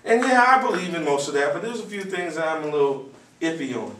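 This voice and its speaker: A man with a fairly high, very lively voice delivers a motivational talk to a room of students, telling stories and acting out voices. He sounds distant in an echoey hall with faint background noise. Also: quick pace. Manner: animated storyteller, acts out voices and shouts. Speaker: motivational speaker.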